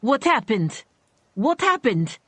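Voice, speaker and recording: A distraught young woman, half asleep and drunk, as a female narrator voices her, calling out raised and pleading. Her lines come a little higher than the narration in this audiobook scene. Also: sing-song, slow, fairly bright tone, no echo, exaggerated voice.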